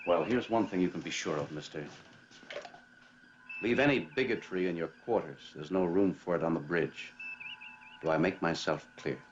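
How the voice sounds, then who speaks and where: A man's voice: low voice, moderate pace, pauses often, close to an everyday voice. An actor playing a stern male starship captain who gives orders in a firm, commanding way, in a dull, lo-fi TV clip with faint noise.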